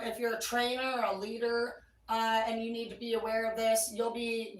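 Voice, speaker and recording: A woman's voice: on the high side, fairly bright tone, far from the mic. A woman giving a casual tarot reading, blunt and rambling, swearing freely. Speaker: tarot reader. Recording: echoey room, voice away from mic.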